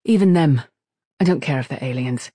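A man's voice: medium pitch, brisk, dark tone, slightly rough, no room sound, studio quality, close to an everyday voice. A man voicing an earnest, emotional woman arguing a moral point in an audiobook. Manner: earnest, pleading. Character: earnest, emotional female crew member.

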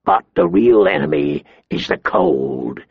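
A man's voice: big pitch swings, slow pace, gravelly, husky, no room sound, highs cut off, heavily acted. A man voicing a grizzled, grim older man-at-arms in a heavy, brooding tone. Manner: low, heavy, brooding delivery.

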